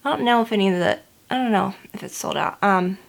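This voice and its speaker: A woman's voice: mid-range voice, expressive, quick pace, vocal fry. A woman, a beauty vlogger, gossiping in casual chat while she does her makeup, rambling and saying "like" a lot. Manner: chatty and rambling, heavy use of "like".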